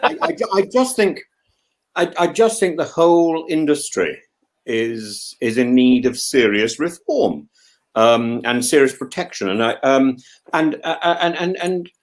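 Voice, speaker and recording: A man's voice: a little high, a little slow. A middle-aged man from England, co-hosting a casual chat, who keeps restarting and repeating words as he talks. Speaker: co-host.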